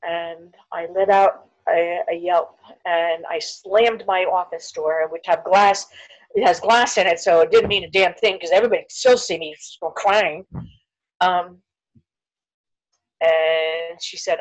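A woman's voice: on the low side, measured pace, low-quality recording. A middle-aged woman telling her own story as a podcast guest. She slips into the voices of the people she quotes. At the heavy moments her voice falls almost to a whisper. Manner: animated storyteller, acts out quoted voices, drops to near whisper at hard moments. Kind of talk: personal storytelling interview.

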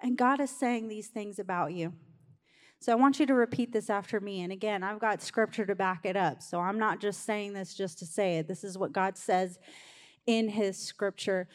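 Speaking at moderate speed in a medium pitch, a woman pastor preaches to her congregation, keeping it conversational while urging them along. The church sanctuary lends the recording a long hall reverb.

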